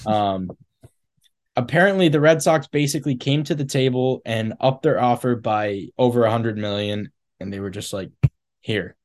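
A man co-hosting a casual sports podcast, adding details in a measured, low-key way. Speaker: podcast co-host.

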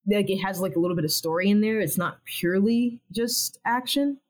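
Animation writer guest, rambling and chatty, mid pitch, acts out inner thoughts. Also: brisk, poor audio. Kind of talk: casual podcast interview.

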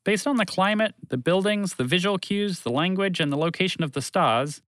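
A man's voice: sits high, expressive, moderate pace, fairly bright tone, no room sound, voice pushed up. A man doing a precise spaceship computer. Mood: informative. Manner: precise, informative, a bit exasperated. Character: calm know-it-all female spaceship computer.

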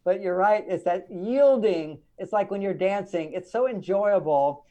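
A man who writes relationship books talks as a guest in a relaxed interview. He chimes in eagerly and stresses his points with enthusiasm. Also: high voice, highs cut off. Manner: enthusiastic, emphatic, quick to agree. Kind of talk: casual conversational interview.

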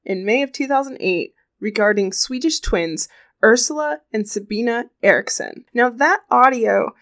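A woman hosting a true crime podcast, chatty and animated with pop-culture asides. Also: on the high side, normal speed. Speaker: podcast host.

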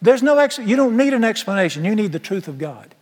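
A man's voice: sits high, sing-song, a little fast, a little mellow, big-room sound. A man preaching a sermon in a large church, folksy and emphatic, firing rhetorical questions at the congregation. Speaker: pastor.

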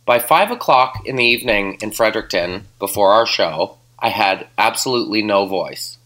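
A hoarse man chats on a podcast through a headset mic, his bright, clear tone cutting through a rasp left over from losing his voice. He rambles easily through stories with relaxed fillers. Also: on the low side, normal speed. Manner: relaxed storytelling, many fillers. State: hoarse, recovering voice. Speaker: podcast co-host. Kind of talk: casual chat recapping a tour.

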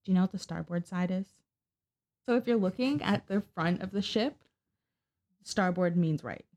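Female podcast co-host, casual true-crime storyteller, salty and animated. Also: on the low side, normal speed. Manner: chatty, profane, acts out quotes.

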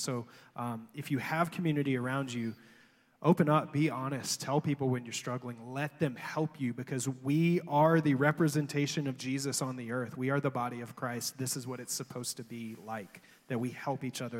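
Relaxed joking man pastor in a reverberant hall. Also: medium pitch. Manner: relaxed, joking, many ums. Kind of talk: church Q&A hosting.

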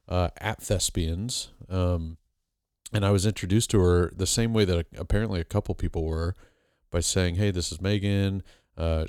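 Male podcast host with a very low voice, dry close sound, casual and rambling, jokes as he goes. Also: a little mellow, dry recording. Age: adult with a master's degree. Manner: rambling, joking, many fillers and restarts.

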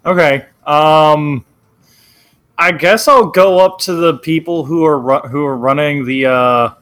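A man's voice: fairly high pitch, unhurried, a bit bright, faint music behind. A man playing in a tabletop game, casual and hesitant with trailing fillers. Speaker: player.

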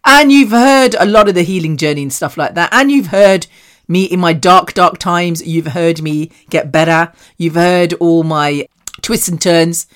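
A woman's voice: on the low side, a little slow. A British woman hosting her own podcast, talking to listeners in a candid, rambling, self-mocking way with casual swearing. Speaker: podcast host. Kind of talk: candid solo podcast monologue.

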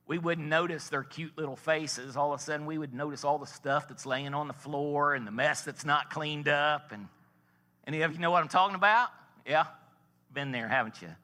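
A man's voice: fairly high pitch, pushed and bright, long reverb tail. A man preaching a sermon as a pastor, telling a story in a folksy way and building to emphatic points.

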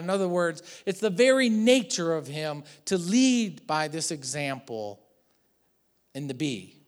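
Male pastor preaching, animated with playful acted asides; sits a bit high. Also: measured pace. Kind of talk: sermon.

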